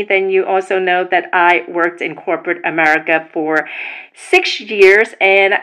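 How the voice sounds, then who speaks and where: A woman's voice: mid-range voice, fairly bright tone, low-quality recording. Chatty woman from New York explaining. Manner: chatty, addresses viewers directly, explains at length. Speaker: commentary vlogger. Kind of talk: casual explainer commentary.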